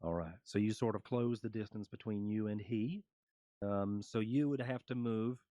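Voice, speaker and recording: A man with a low voice narrates as game master for a tabletop fantasy game, pausing often to find his words as he describes the scene and explains the rules. The recording is dry, with no room sound. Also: warm tone, no echo. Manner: halting, descriptive narration with many fillers.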